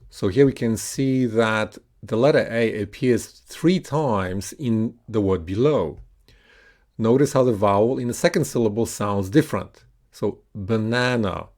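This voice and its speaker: Slow, gravelly male pronunciation teacher. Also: lowish voice, a little mellow. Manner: patient, deliberate, stretches words out to model stress. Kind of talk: slow instructional lesson with repeat-after-me drills.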